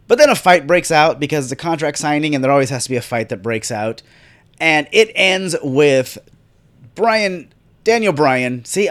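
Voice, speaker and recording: A man hosting a solo wrestling recap podcast, talking casually with sarcastic, profane rants. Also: a little high. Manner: sarcastic, profane, ranting asides. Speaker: podcast host.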